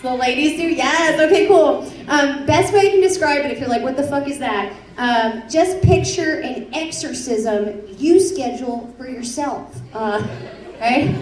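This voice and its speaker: A high-pitched woman doing a stand-up set on a club stage, brash and self-mocking. She takes her time between punchlines. Her voice sounds roomy and a bit distant, and a loud crowd laughs behind her. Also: a little slow, a little hiss or hum. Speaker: stand-up comedian. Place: comedy club stage before an audience. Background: audience laughter.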